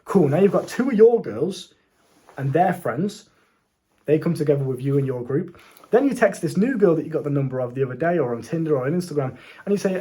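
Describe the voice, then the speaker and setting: Young man, brash, profane, slangy, dark mellow voice. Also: fairly high pitch, expressive, a little fast. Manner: brash and profane, swaggering slang, talks straight to viewer. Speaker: dating coach. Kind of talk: casual unscripted advice monologue.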